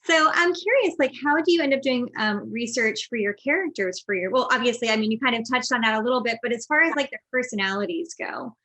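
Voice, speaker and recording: A woman's voice: a little high, fast, few pauses, bright, forceful tone. A woman interviewer asking rambling, friendly questions with many fillers. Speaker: interviewer host. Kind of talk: conversational interview.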